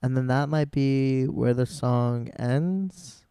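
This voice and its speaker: A man musician in casual vlog talk, soft-spoken and rambling as he thinks aloud about his songwriting. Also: mid-range voice, slow pace, creaky, clean tone, no echo, clean studio sound.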